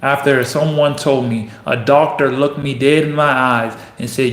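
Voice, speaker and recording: A man's voice: mid-range voice, normal speed, hardly any pauses. Intense fired-up man, echoey room. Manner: intense, repetitive, builds to emphatic peaks. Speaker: professional basketball player giving motivational talk. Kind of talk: motivational speech.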